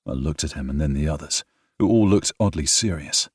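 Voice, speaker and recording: A man narrating an audiobook in a plain, even reading. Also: rumbling low, fairly quick, husky, no echo, clean studio sound. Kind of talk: scripted narration.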